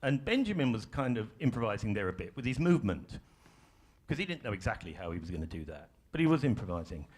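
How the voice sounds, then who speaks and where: A man's voice: lowish voice, sing-song, fast talker, a little mellow. A man leading a live workshop for an audience in a ballroom, in a conversational way with self-deprecating humor. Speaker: workshop facilitator. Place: large ballroom stage.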